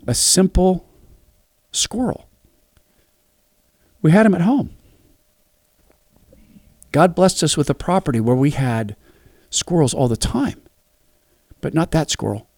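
A middle-aged man preaching a devotional talk, telling lively family anecdotes and acting out the voices. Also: fairly high pitch, slow, pauses often, no room sound, clean studio sound. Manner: animated, acts out voices in anecdotes.

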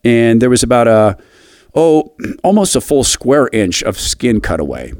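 A man's voice: big pitch swings, a little mellow, no room sound, studio quality. Earnest middle-aged male host. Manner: earnest, halting, with restarts and a wide pitch swing. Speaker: radio commentary host. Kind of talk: personal storytelling commentary.

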